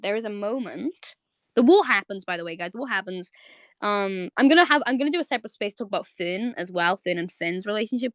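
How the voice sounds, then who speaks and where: A young woman hosting a live audio chat on a home mic, rambling in quick bursts with lots of fillers and repeats. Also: medium pitch, fairly bright tone, no echo, clean studio sound. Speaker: host of a live audio space. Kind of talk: casual live chat to listeners.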